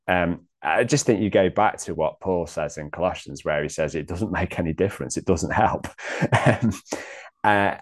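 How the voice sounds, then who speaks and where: Super deep guy, lots of ums, mulling things over in a chat about faith. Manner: hesitant, many ums and restarts. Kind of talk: casual theological discussion.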